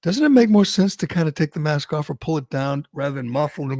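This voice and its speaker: A man's voice: a little high, lively intonation, quick pace, hardly any pauses, darkish tone, no echo. A male radio host delivering an emphatic, mocking rant on a talk show, with lots of restarts.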